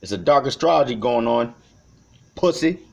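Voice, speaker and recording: A man from Chicago talking to the camera in an unscripted vlog. He rambles and swears, swinging between shouting and quiet reflection. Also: fairly low pitch, moderate pace. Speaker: vlogger. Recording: dull lo-fi recording.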